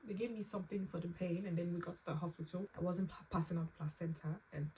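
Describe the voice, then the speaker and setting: A young woman telling her own painful story to camera, halting and close to tears, with pauses and restarts. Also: on the low side, fairly even intonation, warm tone, a little hiss or hum. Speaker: vlogger sharing a personal story. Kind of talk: emotional personal storytelling. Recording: slightly distant mic with faint room ambience.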